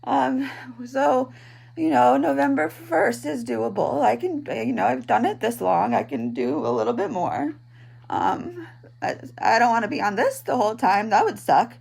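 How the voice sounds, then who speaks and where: A woman in her thirties records a personal video diary at home in bed. Her voice is gravelly with vocal fry, and she speaks slowly, haltingly and tearfully, with frequent ums and pauses. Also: a little high, very animated, darkish tone. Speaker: vlogger, patient.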